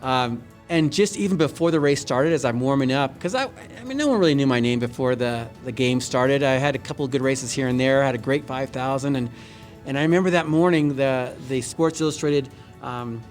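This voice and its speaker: A man's voice: medium pitch, faint music behind. Earnest middle-aged man telling his story. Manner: earnest, halting with many restarts. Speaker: guest, Olympic speed skater. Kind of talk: conversational interview storytelling. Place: large indoor skating arena.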